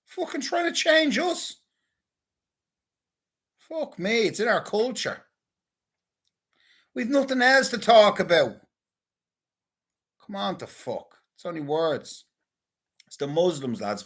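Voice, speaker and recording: A man's voice: sits high, lively intonation, slow, long pauses, a bit bright. A man in a casual, rambling monologue, talking crudely and swearing often. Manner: crude, profane, rambling banter. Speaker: vlogger.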